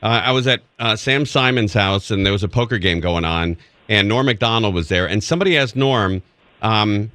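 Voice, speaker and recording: Male talk radio host, middle pitch, chatty, laughs along, dry studio sound. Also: normal speed, pushed and bright, dry recording.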